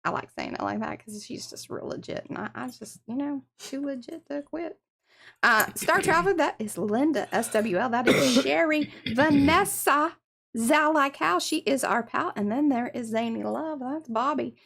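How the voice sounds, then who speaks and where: A woman's voice: high voice, moderate pace, creaky, a bit bright. A woman hosting an art livestream, chatting casually and greeting viewers by name. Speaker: livestream art show host.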